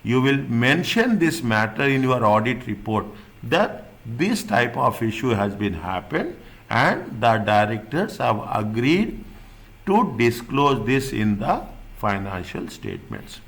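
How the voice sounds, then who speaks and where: A man at a middle pitch teaches an accounting exam class. He talks in loose spoken sentences, restarting and rephrasing. He often checks in with the students before moving on. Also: sing-song, slow, creaky, fairly bright tone. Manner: repeats points, checks understanding with "is it right?"; restarts and rephrases often, non-native phrasing. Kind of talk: classroom lecture.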